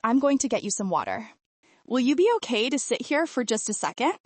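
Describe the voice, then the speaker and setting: A woman voicing a gentle young bartender. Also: fairly high pitch, big pitch swings, fairly quick, slightly rough, no room sound. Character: young man, bar owner, caring yet evasive.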